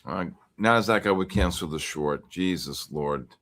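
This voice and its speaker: A man hosting a live futures trading stream, commenting casually and excitedly on the market. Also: sits low, moderate pace. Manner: excitable, exclaiming and talking to himself over charts. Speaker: livestream trading host.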